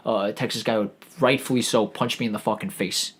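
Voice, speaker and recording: A man's voice: mid-range voice, steady tone, fast talker, hardly any pauses, fairly bright tone. Rambling, profane New man. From New York. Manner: rambling, profane, lots of restarts and stammering. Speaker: podcast host.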